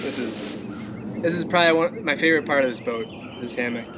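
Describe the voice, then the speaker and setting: Showing off his boat in a casual vlog, a young man with a Midwestern accent, likely from Minnesota, rambles loosely with lots of "uh"s and quick laughs. His pitch is an ordinary middle. Outdoors, background noise comes through clearly, and he drifts toward and away from the camera mounted on the boat.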